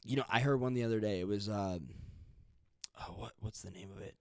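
A man's voice: lowish voice, a little fast, creaky, a little mellow, no echo, studio quality. A young man hosting a podcast, chatting casually and rambling with lots of fillers and restarts. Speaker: podcast host. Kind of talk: casual chat.

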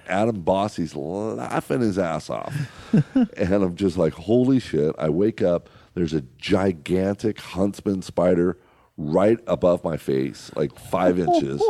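A man telling excited, profane hunting stories in casual chat. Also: low voice. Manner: excitable, profane storytelling with laughs.

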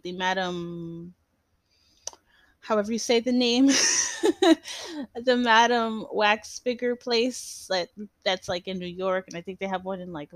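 A woman's voice: medium pitch, no room sound. A young woman hosting a casual solo podcast, rambling with lots of fillers and restarts and laughing often. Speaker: podcast host.

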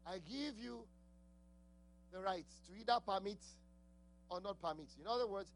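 A man's voice: high voice, moderate pace, slight background noise. A man with an accent preaching a sermon, laughing often, asking the congregation questions and repeating key words. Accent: non-native English accent.

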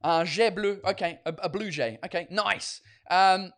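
A man hosting a casual chat with viewers, switching between English and French, animated and swearing freely, with many fillers and restarts. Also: high voice, slow. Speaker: host.

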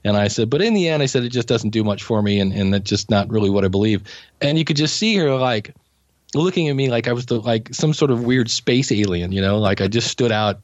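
A man's voice: medium pitch, animated, a little fast, no room sound. A man guest on a podcast, chatting casually and rambling through anecdotes, acting out what he said back then. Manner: rambling anecdotes, acting out his own past remarks. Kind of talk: casual storytelling conversation. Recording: dull dry lo-fi audio.

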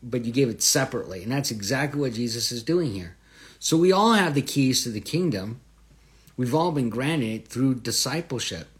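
A man hosting a Bible study, teaching in an earnest, conversational way, posing rhetorical questions and lifting his voice on scripture phrases. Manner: swells louder and higher on scripture phrases.

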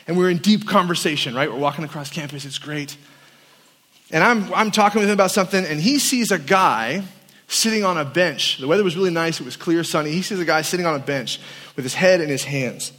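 Male campus pastor, high voice, lively storytelling sermon, echoing hall. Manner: animated storyteller acting out quotes. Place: large hall at a winter camp. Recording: long reverb of a hall.

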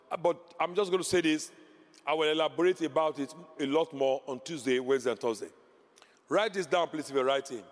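A male pastor preaching a sermon, emphatic, repeating key phrases and rising to loud exclamations. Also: high voice, long reverb tail.

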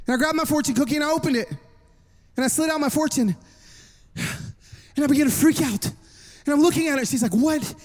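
A man in his thirties preaching a sermon to a congregation, telling a lively personal story with jokes. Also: very high-pitched, a little fast, pauses often. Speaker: worship pastor. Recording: long reverb of a large hall.

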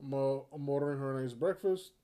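Laid-back man with a mellow voice. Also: mid-range voice, fast. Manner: loose, laughing storyteller who acts out his son. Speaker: podcast co-host. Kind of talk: casual chat.

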